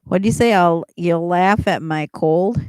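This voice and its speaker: With a fairly low, slightly mellow voice that's clear and resonant, this middle-aged livestream host talks at a measured pace. She rambles while answering viewers in a casual chat and laughs frequently, with no room sound present.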